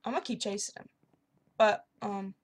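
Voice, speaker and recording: A young woman chatting casually and excitedly while playing a video game. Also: mid-range voice, moderate pace. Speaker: gaming YouTuber. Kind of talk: casual commentary over gameplay.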